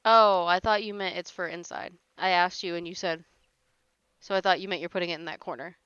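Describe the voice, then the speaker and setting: A woman's voice: on the low side, steady tone, a little fast, a bit bright, clean tone, dry recording, highs cut off. A woman hosting a casual livestream, chatting with viewers and teasing them playfully, laughing often. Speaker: livestream host.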